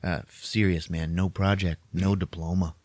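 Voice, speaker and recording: A man's voice: low-pitched, little pitch movement, normal speed, darkish tone, dry recording, lightly acted. A man voicing a laid-back ex-hippie male science teacher who drawls and keeps saying "man". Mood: coaxing. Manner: drawling, says "man" a lot.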